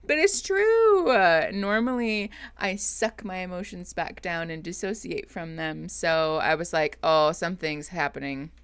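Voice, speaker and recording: A woman's voice: lowish voice, lively intonation, a little slow, hardly any pauses, clean tone. A woman therapist chatting casually on a live stream, greeting viewers and laughing often. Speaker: therapist streaming reaction show.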